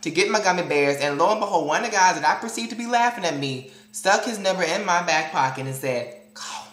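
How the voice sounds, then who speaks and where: A man's voice: sits high, expressive, quick pace, fairly bright tone. Brief: man vlogger, dramatic and sassy storyteller, recorded in a roomy, echoey space. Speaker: vlogger addressing viewers. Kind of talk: casual storytelling vlog.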